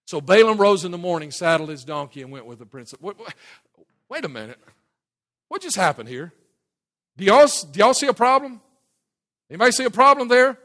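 Pastor guy, middle-aged, sharp bright voice, chatty sermon full of restarts and questions. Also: high voice, sing-song, fairly quick, pauses often. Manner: folksy, asks the crowd questions, repeats words and restarts. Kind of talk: conversational sermon. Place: church before a live audience.

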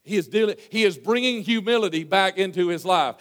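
Folksy high-voiced preacher in an echoing hall. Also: male voice, fairly quick, few pauses. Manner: folksy, storytelling, many fillers and restarts, swings from hushed to loud. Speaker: pastor. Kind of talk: sermon. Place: church sanctuary.

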